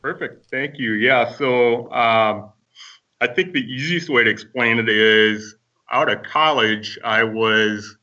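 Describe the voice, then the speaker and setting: A man from Minnesota, a podcast guest, telling his story in a relaxed, rambling way with lots of fillers. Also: medium pitch, slow, distant mic, dull audio.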